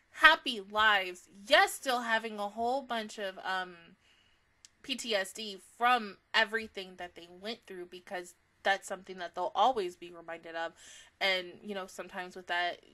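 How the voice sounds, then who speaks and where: A woman's voice: mid-range voice, pushed and bright. A young woman giving a casual, emotional anime reaction review, gushing with frequent fillers and swearing.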